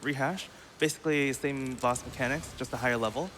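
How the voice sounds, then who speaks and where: A man's voice: medium pitch, a little fast, a bit bright, a little hiss or hum. Chatty man commentating his speedrun. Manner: casual, chatty, laughs often. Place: live marathon event stage.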